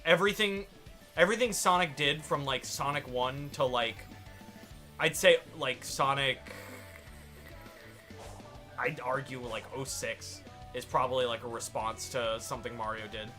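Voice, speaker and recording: A man's voice: medium pitch, a little slow, pauses often, sharp tone. A man co-hosting a casual gaming chat show, rambling with lots of fillers. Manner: rambling with many fillers and restarts. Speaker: podcast co-host. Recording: music playing behind.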